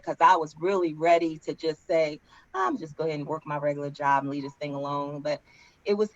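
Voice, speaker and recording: This woman speaks in an earnest, storytelling way, restarting her sentences as she goes. The sound is dull and muffled, from a dry video call with no room echo. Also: low-pitched. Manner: earnest storytelling, halting starts. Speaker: singer and co-host. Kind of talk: casual panel chat.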